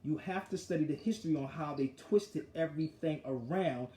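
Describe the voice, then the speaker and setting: A man hosting a talk show, telling the story of an argument in a forceful, animated way. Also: on the high side, normal speed, roomy sound, a crowd in the background. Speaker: show host. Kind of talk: casual street talk storytelling.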